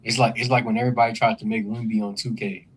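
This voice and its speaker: A man's voice: on the low side, little pitch movement, fast, a little hiss or hum, rough recording. A man co-hosting a podcast, talking loose and slangy in joking sports banter. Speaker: podcast co-host. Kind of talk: casual sports chat.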